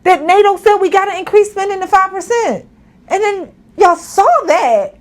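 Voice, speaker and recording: A woman co-hosting a casual commentary chat, animated and laughing, with mock-outraged asides. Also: extremely high pitch, moderate pace. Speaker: podcast co-host.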